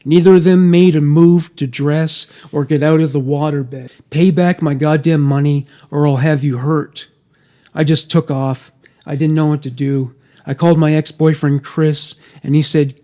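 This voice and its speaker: A man's voice: fairly high pitch, darkish tone. Man reading a true-crime story aloud. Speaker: narrator. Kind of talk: scripted true-crime narration.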